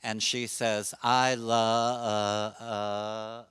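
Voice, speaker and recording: Middle-aged male presenter, crisp bright voice, chatty and self-deprecating, dry close sound. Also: on the low side, little pitch movement, drawn-out words, no echo. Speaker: presenter on suicide prevention. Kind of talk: conference talk to a live audience.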